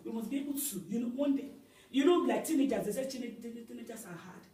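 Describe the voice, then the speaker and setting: A middle-aged woman pastor, preaching a sermon in an animated storytelling way that rises at times into shouts. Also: on the high side, fast talker. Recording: echoey hall, voice from far off.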